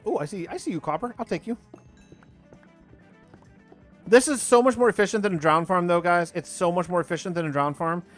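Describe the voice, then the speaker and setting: This live streamer, a man in his thirties, talks fast in a high voice as he plays and responds to chat in a loose, rambling way. Faint music sits underneath.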